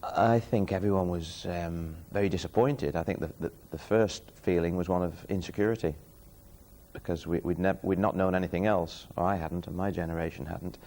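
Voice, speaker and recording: Deep, mellow man reflecting slowly. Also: fairly even intonation. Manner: measured, reflective. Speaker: former player. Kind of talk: documentary interview.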